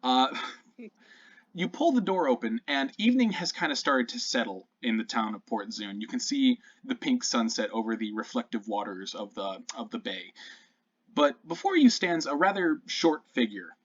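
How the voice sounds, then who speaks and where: A man narrates a tabletop game as dungeon master in a loose, chatty way. His pitch moves around a lot as he describes the scene. The sound is a little dull and lo-fi. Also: very animated, moderate pace, breathy edge. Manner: loose, chatty, many fillers.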